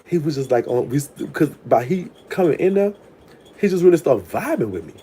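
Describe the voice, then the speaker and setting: Profane, chatty storytelling man, mellow tone. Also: a little high, very animated, brisk, slight background noise. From New Orleans. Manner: frank, profane, chatty, with laughs. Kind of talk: casual storytime monologue.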